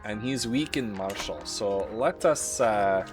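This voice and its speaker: A man's voice: lowish voice, takes it slowly, over music. A man streaming a strategy game live, reading its event text aloud and dropping wry asides to his chat. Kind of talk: live gameplay commentary.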